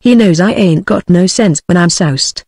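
A woman's voice: fairly low pitch, moderate pace, a little mellow, breathy edge, no echo, studio quality. A synthetic British-accented female voice reading the lines of a panicky, whining old sailor, with no change from its narrating voice. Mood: wailing. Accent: British English.

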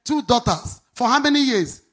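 A Nigerian woman pastor preaches a sermon with call-and-response, quizzing the congregation in a sing-song Nigerian English accent. Her voice is on the high side and expressive, with emphatic, drawn-out stressed words.

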